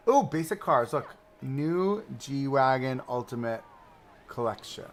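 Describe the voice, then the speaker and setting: A man live-streaming a park-building game, chatting and thinking aloud as he browses and places items, swinging between excited outbursts and low mutters. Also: measured pace, vocal fry, slight background noise. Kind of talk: casual live-stream commentary while building.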